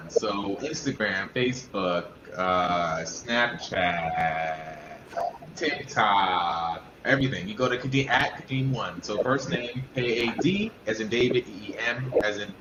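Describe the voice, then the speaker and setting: A man talking as a podcast guest, animated, repeating phrases for emphasis. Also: medium pitch. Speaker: podcast guest, wellness practitioner. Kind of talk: casual podcast interview. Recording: roomy, dull, noisy remote audio.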